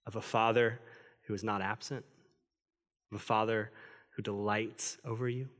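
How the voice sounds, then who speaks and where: A pastor delivering a Christmas-season sermon as earnest, conversational storytelling, recorded in a church. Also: male voice, lowish voice, flat delivery, moderate pace, a bit bright. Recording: long reverb of a large hall.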